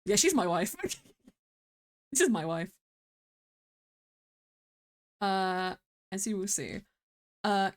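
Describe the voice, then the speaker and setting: A woman's voice: medium pitch, animated, a little slow, pauses often. A woman streaming a game, chatting casually, thinking aloud and laughing often.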